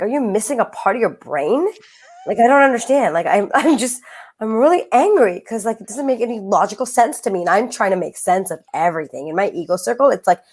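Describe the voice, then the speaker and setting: A woman co-hosting a casual podcast chat, animated and laughing, with lots of "like". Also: mid-range voice. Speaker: podcast co-host.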